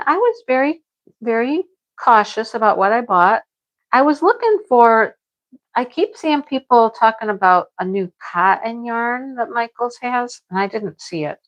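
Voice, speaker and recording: A woman's voice: medium pitch, low-quality recording. A middle-aged woman chatting casually to her viewers about her crochet projects, rambling and repeating herself. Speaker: crochet vlogger.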